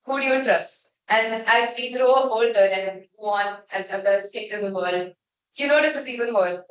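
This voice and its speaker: A young adult woman gives a frank, conversational evaluation of a speech at a club meeting, sometimes restarting her phrases. Her voice is on the high side at a moderate pace, heard from far off in an echoey room with the highs cut off.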